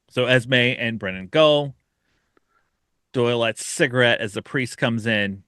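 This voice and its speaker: A man's voice: mid-range voice, measured pace, clean tone, dry recording, clean studio sound. Man eagerly recapping a horror short. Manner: animated retelling, acts out the characters' lines with laughter. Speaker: podcast host.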